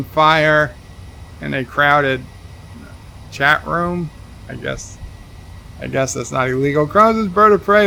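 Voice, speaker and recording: A man's voice: a little high, creaky, bright, forceful tone, a little hiss or hum. A man streaming a game, reading chat messages aloud and answering them with dry asides. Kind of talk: casual livestream commentary.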